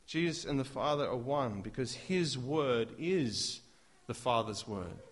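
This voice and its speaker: A man preaching a sermon, emphatic and full of rhetorical questions, rising to loud declarations. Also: medium pitch, lively intonation, unhurried.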